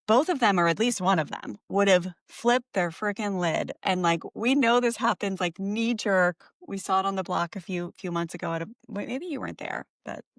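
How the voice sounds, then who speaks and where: A woman's voice: mid-range voice, normal speed, few pauses, dry recording, clean studio sound. A middle-aged woman co-hosting a parenting podcast, telling a story in a chatty, casual way with lots of fillers and self-corrections.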